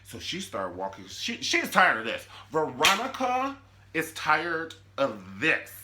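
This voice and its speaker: A man hosting a comedic TV recap, telling the story in an animated, sassy way. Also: a little high, slow, background noise. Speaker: YouTube show recap host.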